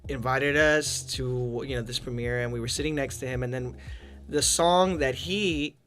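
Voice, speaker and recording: A man co-hosting a podcast, telling an animated anecdote in casual chat. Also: medium pitch, moderate pace, soft background music. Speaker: podcast co-host. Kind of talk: casual storytelling.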